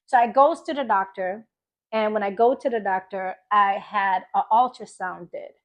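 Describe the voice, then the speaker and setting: A woman's voice: medium pitch, normal speed. A woman from Philadelphia telling her personal birth testimony, emphatic and repeating phrases for effect as she acts out conversations. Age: adult mother. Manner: lively storytelling, acts out conversations. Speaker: faith vlogger.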